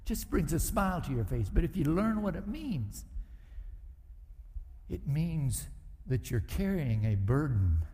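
A man's voice: on the high side, sing-song, a little slow, mellow. Man preaching in a reverberant church. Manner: conversational preaching with acted asides. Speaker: pastor. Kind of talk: sermon. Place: church sanctuary.

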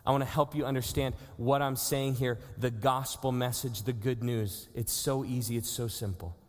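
A man in his thirties preaches in an earnest, conversational way, mid-pitched and steady. His voice carries a long reverb, as if from a church sanctuary. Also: normal speed. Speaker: pastor. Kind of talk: sermon.

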